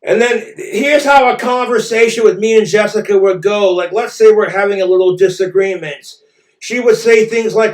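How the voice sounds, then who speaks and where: A man's voice: high voice, steady tone, normal speed, roomy sound. A man ranting in a vlog monologue, aggrieved and profane. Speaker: vlogger.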